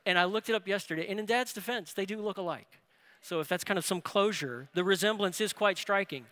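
A man preaching a sermon, telling a family story with rising excitement. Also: sits high, fairly quick. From New Orleans area. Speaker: pastor. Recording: reverberant hall.

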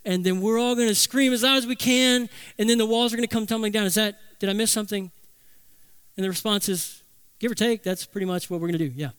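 A man preaching a sermon as pastor, emphatic, slowing down to stress key phrases. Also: high voice, a bit bright, smooth, no room sound.

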